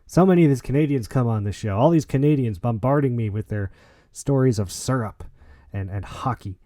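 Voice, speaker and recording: A man hosting a gaming league podcast, chatting in an excitable, jokey way with lots of restarts. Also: mid-range voice, brisk, no room sound, clean studio sound. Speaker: podcast host. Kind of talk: casual podcast chat and wrap-up.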